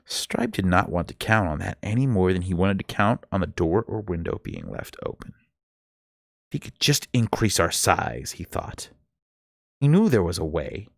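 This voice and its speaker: A man's voice: on the low side, gravelly, no echo, studio quality. A man reading a novel aloud live, telling it expressively with an occasional stumble. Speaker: book reader.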